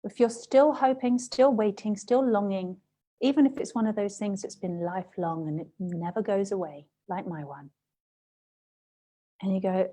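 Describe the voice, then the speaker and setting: A woman's voice: medium pitch, normal speed, mellow. A woman giving a personal, emotional talk before a guided meditation, speaking straight to the listener and acting out her own inner voices as she tells her story. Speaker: self-love teacher.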